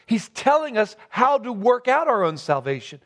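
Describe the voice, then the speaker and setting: A man's voice: extremely high pitch, big pitch swings, moderate pace, fairly bright tone. A man preaching a sermon, earnestly stressing key words and posing rhetorical questions.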